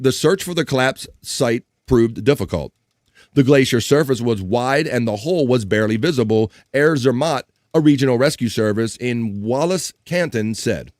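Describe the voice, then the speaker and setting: A man hosting a live stream, reading offbeat news and chat comments aloud in a jokey, animated way. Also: medium pitch, dry recording, clean studio sound. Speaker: live-stream show host. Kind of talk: casual news read and chat.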